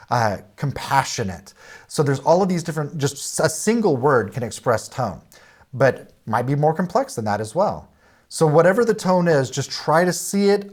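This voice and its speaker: Plain-spoken man teaching a Bible lesson. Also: medium pitch. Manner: plain-spoken, with frequent "uh" and restarts; explains with lists of example words.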